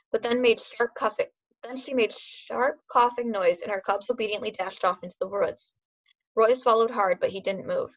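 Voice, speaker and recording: A woman reading a novel aloud in a steady, expressive way. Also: mid-range voice. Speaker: reader. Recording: dull lo-fi recording.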